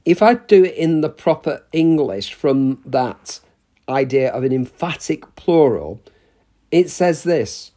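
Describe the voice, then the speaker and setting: A man preaching a sermon in a church, measured and emphatic, with pauses between short phrases. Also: on the high side, expressive, mellow.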